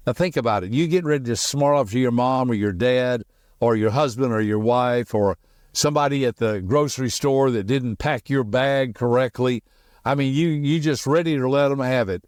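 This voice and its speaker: A middle-aged man hosting a motivational podcast, talking quickly and emphatically in a folksy way, with personal stories. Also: mid-range voice, darkish tone, dry recording, clean studio sound. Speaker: podcast host and personality teacher.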